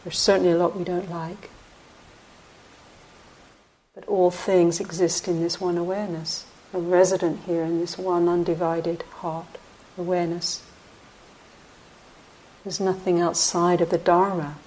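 Reflective woman giving a slow dharma talk. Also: fairly low pitch, level tone, darkish tone, low-quality recording. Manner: slow, reflective, with frequent pauses. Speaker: meditation teacher.

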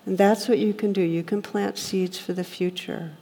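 A woman's voice: mid-range voice, fairly even intonation, moderate pace, dark tone, husky. A woman meditation teacher giving a reflective dharma talk, speaking earnestly and telling stories to make her point. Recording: long hall reverb.

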